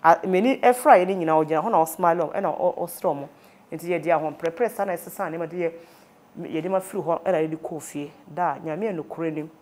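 A woman's low, slightly mellow voice carries a Ghanaian accent as she testifies about something she personally endured. She's a guest, and she speaks earnestly in a fast blend of Twi and English.

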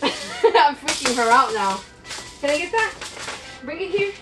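A woman's voice: high-pitched, big pitch swings, unhurried, recorded from a distance, over music, low-quality recording. A woman filming a pet vlog, praising and coaxing her dog in a playful sing-song voice and giggling often.

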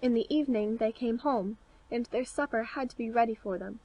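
A woman narrating a classic fairy tale as an audiobook. Her reading is clear and steady, made for easy listening. Her voice sits a little high. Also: a little fast, muffled recording. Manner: clear, steady read-aloud delivery. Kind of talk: scripted storybook narration.

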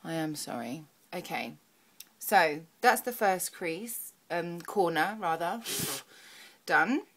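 A woman's voice: lowish voice, animated, slow. Chatty young woman doing makeup. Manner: chatty, talks to herself while working, soft murmurs. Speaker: beauty vlogger. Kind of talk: makeup tutorial chat.

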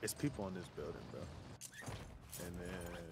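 A young man chatting casually while gaming, excitable, slangy and swearing a lot. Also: sits low, normal speed, heavy background noise. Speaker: gamer streamer. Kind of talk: casual gameplay banter.

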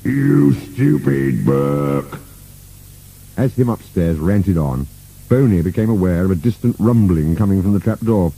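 A man narrating a children's storybook with an expressive, playful reading. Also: deep voice, normal speed, husky, poor audio.

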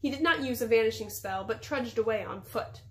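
A woman teacher reading a chapter book aloud to her class in steady storybook narration. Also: a little high, a little fast.

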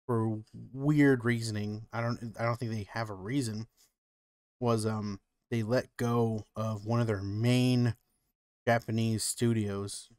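In a dry, studio-quality recording, a man with a somewhat low, slightly mellow voice co-hosts a podcast. His casual chat wanders, heavy on "like" and "you know."

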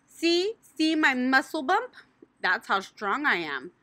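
An excitable, bossy little girl shrieks and squeals, her voice soaring very high and bouncing all over with a bright, sharp edge, as a woman reading a storybook puts her on. Dry, close sound. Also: slow pace, dry recording, full character voice. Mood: excited. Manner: loud, squealing, childlike exclamations. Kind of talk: audiobook reading.

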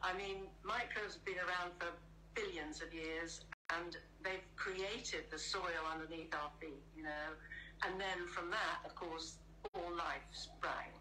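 Woman guest on a video call, bright sharp voice, faint hum behind. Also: fairly low pitch, a little slow, poor audio. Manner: relaxed and explanatory, with fillers. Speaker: guest company founder. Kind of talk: interview answers.

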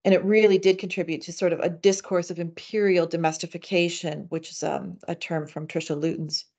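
A woman giving an academic seminar paper in a measured way, with frequent fillers and restarts. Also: on the low side, little pitch movement, a little mellow, highs cut off. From Canada. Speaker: academic speaker. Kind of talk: seminar lecture reading a paper.

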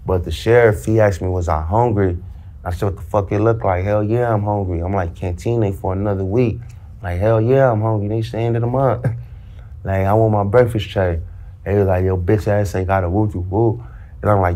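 Low-voiced man telling a wild story. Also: a little fast. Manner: animated, slang-heavy, acts out dialogue. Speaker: storyteller recounting prison life. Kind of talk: casual storytelling in a played interview clip.

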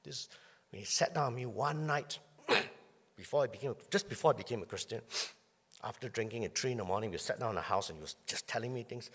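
A male pastor giving a conversational sermon, often clearing his throat as he talks. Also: medium pitch, animated, fairly quick, a bit bright, big-room sound. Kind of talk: sermon with personal storytelling. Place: church hall.

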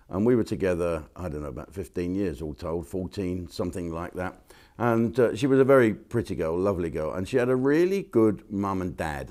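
A man's voice: low voice, darkish tone. An older man from England, a comedian hosting a casual, rambling monologue full of blunt swearing. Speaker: comedian host.

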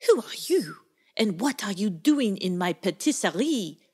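A woman's voice: medium pitch, sing-song, a little slow, darkish tone, breathy edge. A woman voicing a stern, snobbish female pug dog with a put-on French accent in a children's storybook. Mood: haughty. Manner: stern and haughty.

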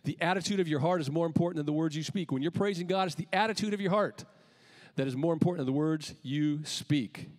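A man preaching a sermon as pastor, calling out emphatic lines and then letting the ends drop quietly. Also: fairly high pitch, long reverb tail. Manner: emphatic preaching with rising calls and quiet dropped endings. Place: church sanctuary.

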